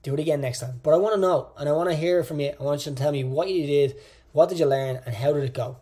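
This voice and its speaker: A fitness coach with a slightly high, dark-toned voice talks fast through an online coaching course lecture. He teaches in a casual, direct way, repeating phrases for emphasis.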